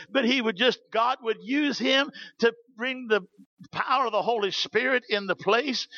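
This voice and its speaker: A man from New Zealand with a New Zealand accent, preaching a sermon through animated storytelling. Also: very high voice, vocal fry, lo-fi sound. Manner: animated, storytelling with acted quotes.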